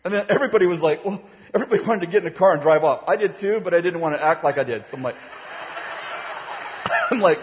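Animated male preacher in a reverberant hall. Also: high-pitched, fast, long pauses. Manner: animated, acts out voices, laughs while telling. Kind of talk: sermon storytelling. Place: large hall with a platform. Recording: dull, reverberant hall sound.

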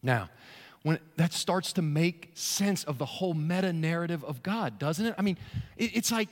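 A man with a Southern US accent preaching a sermon in a church, telling a story with animated bursts and shouts. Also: fairly high pitch, moderate pace. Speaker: pastor. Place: large church sanctuary. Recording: long hall reverb.

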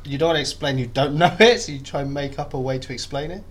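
A man's voice: mid-range voice, fast. A young man chatting as a podcast guest, self-deprecating and full of restarts. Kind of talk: casual interview chat.

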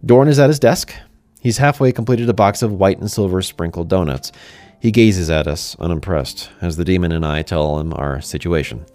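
A man's voice: low voice, normal speed, a little mellow, no echo. A man narrating a first-person fantasy story in a conversational way, speaking to the listener directly.

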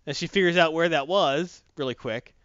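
A man's voice: fairly high pitch, normal speed, fairly bright tone, clean tone, no room sound. A man hosting a comics podcast, rambling and chatty with lots of fillers, recorded dull and lo-fi. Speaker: comic book podcast host. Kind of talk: casual chat.

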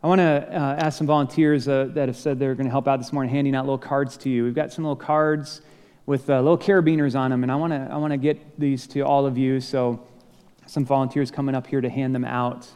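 A man's voice: mid-range voice, little pitch movement, quick pace, a little mellow, clear, resonant tone. A man preaching a sermon as pastor, conversational and lightly humorous, acting out bits of dialogue. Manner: conversational, self-deprecating humor, acts out dialogue. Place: church sanctuary. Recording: long reverb of a large hall.

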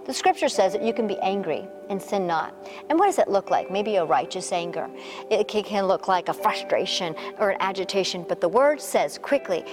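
A woman pastor preaching and praying over a women's online gathering, swelling into emphatic repeated declarations and dropping to soft, coaxing words spoken straight to her listeners. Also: medium pitch. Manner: fervent preaching with rising, emphatic repetitions; soft, coaxing asides addressing listeners directly. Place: recorded remotely, not in person with the audience.

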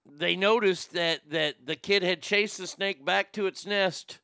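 A man's voice: high voice, a little slow, vocal fry, pushed and bright, clean tone, no room sound. A man co-hosting a podcast, rambling through news stories in crude, profane, casual commentary. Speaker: podcast co-host.

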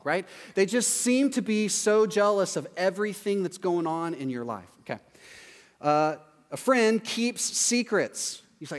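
A man preaching a casual, conversational sermon in a chatty, animated way, often tagging his points with "right?". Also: sits high, moderate pace, big-room sound.

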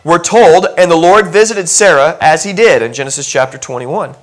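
A middle-aged pastor preaches in a relaxed, conversational manner, mixing jokes and asides into his sermon. His voice sits a little higher than most men's and swings up and down with lively emphasis. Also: normal speed.

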